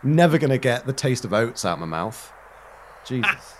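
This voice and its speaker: A man in relaxed, wry gaming chat. His voice sits at an everyday middle pitch. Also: normal speed, slight background noise. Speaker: gamer.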